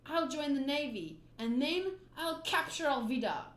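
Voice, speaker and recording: Earnest timid cabin boy as a woman reads him, high voice, roomy echo. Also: animated, unhurried, fairly bright tone. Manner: earnest, pleading. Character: timid young male cabin boy with a big dream.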